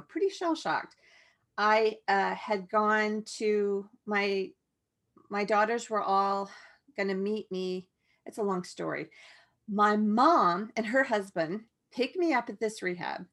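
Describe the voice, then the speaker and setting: Woman guest, candid storyteller, halting delivery with restarts, mid-pitched. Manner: frank, halting, with many restarts and asides.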